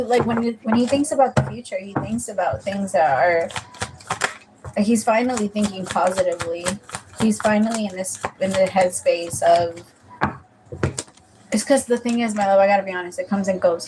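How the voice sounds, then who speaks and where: A woman with a mid-range voice gives a casual, rambling tarot reading over a noisy background. She chats freely and calls the listener "my love."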